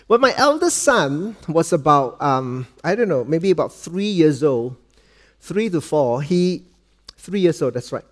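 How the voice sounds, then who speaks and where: A middle-aged man from Malaysia with a Malaysian English accent, preaching a sermon and telling a family story, dropping soft and low for quoted lines and cracking dad jokes. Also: very animated, a little slow.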